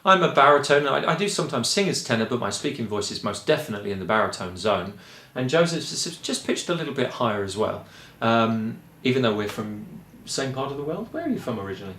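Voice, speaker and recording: A man from England with a Kent accent, a choir director explaining singing in a relaxed, rambling way with frequent ums. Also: medium pitch, quick pace, roomy sound, a little hiss or hum. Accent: Kent English. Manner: chatty and rambling, with frequent ums and light laughs. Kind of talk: relaxed spoken lesson.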